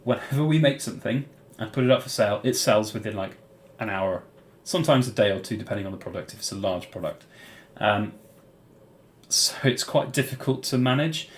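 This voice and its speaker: A British man hosting a casual live-stream Q&A, answering viewers' chat questions in a rambling way with plenty of "um" and "uh". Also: mid-range voice. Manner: rambling, many fillers and restarts.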